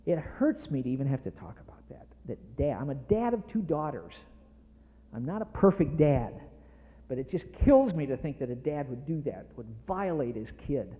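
A man's voice: fairly high pitch, sing-song, normal speed. A middle-aged man preaching a sermon with emphatic, passionate delivery that builds in intensity. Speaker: pastor. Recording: tinny phone-like sound in a reverberant hall.

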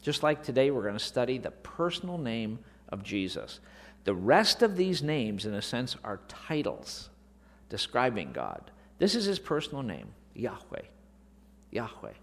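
A man teaching scripture from the pulpit of a large hall, his voice swinging up and down with lively emphasis. He keeps throwing rhetorical questions at the congregation, and his words ring out with a long echo. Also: medium pitch, moderate pace. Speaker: Bible teacher. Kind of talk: sermon-style Bible lesson.

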